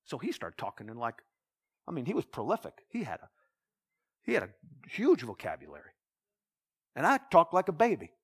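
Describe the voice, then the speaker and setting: A man's voice: medium pitch, brisk, long pauses, slightly rough. A man, a pastor, telling a personal story in a sermon, acting out dialogue with lots of restarts. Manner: animated retelling with quoted dialogue, restarts.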